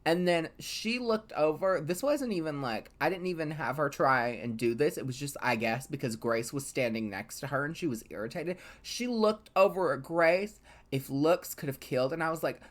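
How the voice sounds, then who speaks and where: A woman with a low voice tells the story of her game in a casual, gossipy way. Her intonation swings widely, and she fills her speech with chatty asides as she recaps the drama. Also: animated, moderate pace. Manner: chatty, gossipy, full of fillers. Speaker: gaming channel host. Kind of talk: casual storytelling over gameplay.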